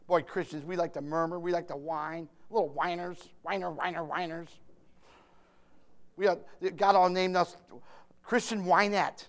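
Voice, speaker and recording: A man delivers a sermon in a fairly high voice. He is emphatic, rising from quiet asides to shouted bursts and trading jokes with the congregation. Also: steady tone, moderate pace. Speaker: preacher.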